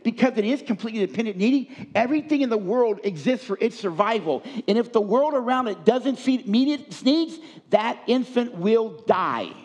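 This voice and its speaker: A man's voice: sits high, a little mellow. A middle-aged man preaching a sermon on marriage, emphatic and full of rhetorical questions to the congregation. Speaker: pastor teaching on marriage.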